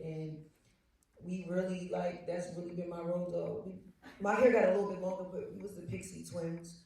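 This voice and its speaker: A woman actor on a panel telling stories in a lively way and laughing often. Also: fairly low pitch, brisk, gravelly, a little hiss or hum. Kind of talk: animated anecdote telling. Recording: echoey hall, mic far off.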